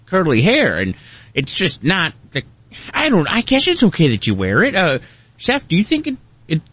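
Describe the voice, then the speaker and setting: Excitable man in husky comedy banter. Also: sits high, moderate pace. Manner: excitable, mock-angry outbursts. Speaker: comedy show co-host.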